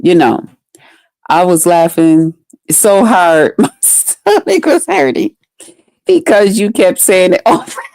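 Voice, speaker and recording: A woman's voice: fairly low pitch, expressive, slow pace, pauses often, darkish tone, no room sound. A woman in her fifties chatting live with her viewers. She laughs often and answers them by name. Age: 50s. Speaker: livestreamer. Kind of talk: casual live chat with viewers.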